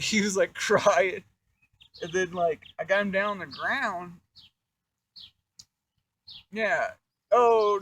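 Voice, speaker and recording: A young man telling a story from his own life in a casual, animated, profane way, full of fillers like "you know" and "like". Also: high voice, far from the mic, slight background noise. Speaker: vlogger.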